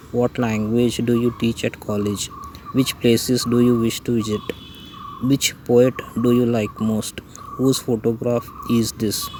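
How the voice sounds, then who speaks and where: Reading English grammar definitions and lists of examples one at a time, an Indian man recites slowly and evenly in a mid-range voice. The audio is poor, with a slight hiss or hum.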